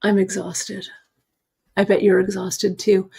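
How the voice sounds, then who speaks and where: Slow, chatty woman teaching beadwork. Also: medium pitch, dark tone. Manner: chatty, encouraging, thinks aloud while working. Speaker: jewelry-making instructor hosting a live stream. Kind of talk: live craft demonstration.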